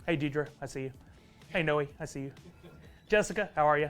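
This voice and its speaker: A man's voice: on the high side, a little fast, a bit bright, faint music behind. A man from Texas, hosting a live stream in a casual, upbeat way and greeting viewers by name. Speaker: livestream host.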